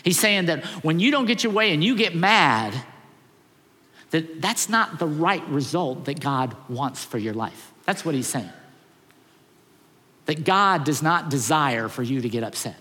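A man's voice: fairly high pitch, animated, unhurried, pushed and bright, long reverb tail. A male pastor preaching a sermon, telling a story with acted quotes and self-deprecating humor. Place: church sanctuary.

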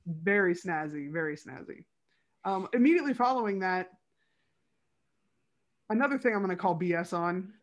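A woman co-hosting a podcast, chatting casually and enthusiastically about a TV episode, with lots of "like" fillers. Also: mid-range voice. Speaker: podcast co-host. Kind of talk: casual fan chat reviewing a TV episode.

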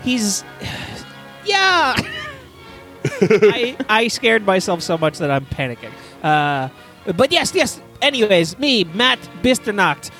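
A man riffs through an improvised crude comedy bit, rambling and laughing at his own jokes. His voice sits very high for a man and swings widely, and he talks at an unhurried pace. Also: huge pitch swings, fairly bright tone, faint music behind.

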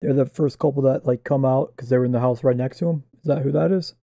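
A man with a very dark, mellow voice chimes in with short replies and quick guesses. His voice sounds dry and close, with no room echo. He talks in casual, easygoing chat. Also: medium pitch, fairly even intonation, highs cut off.

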